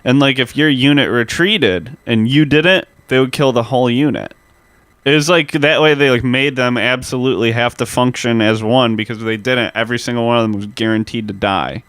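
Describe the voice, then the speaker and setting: A man's voice: mid-range voice, a little fast, a bit bright, no room sound. A man co-hosting a history podcast, telling grim stories in a loose, profane, chatty way. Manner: loose, profane, storytelling with many "like" fillers. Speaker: podcast co-host. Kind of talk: casual podcast chat.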